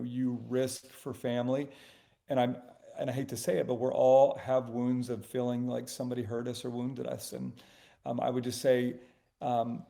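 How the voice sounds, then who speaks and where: A man's voice: medium pitch, creaky, dark tone. A middle-aged man, a guest, earnestly telling stories in a casual faith talk. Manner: earnest storytelling.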